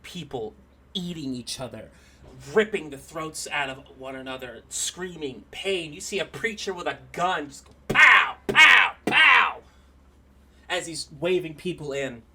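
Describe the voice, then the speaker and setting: A man narrating as game master of a tabletop role-playing game, loose and casual with fillers, breaking into loud bursts for figures. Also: fairly high pitch, moderate pace, husky. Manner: loose, laughing, with fillers and shouted bits for figures.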